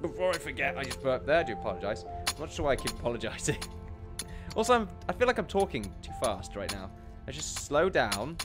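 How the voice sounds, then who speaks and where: Rambling man with a lively voice. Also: mid-range voice, quick pace, over music. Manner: rambling, self-deprecating, laughs often. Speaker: gaming commentator. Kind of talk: casual let's play commentary.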